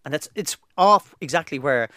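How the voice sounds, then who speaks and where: A middle-aged Irish man co-hosting a podcast in casual chat, rambling and animated. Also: a little high, dry recording, studio quality. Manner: animated, rambling, quick-talking. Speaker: podcast co-host.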